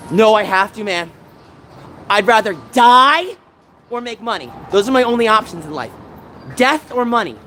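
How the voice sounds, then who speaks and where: Outdoors on city streets, a man with a high-sitting voice streams live from his phone, ranting to his chat in a distressed, pleading way. The recording is low quality, with loud street noise coming through.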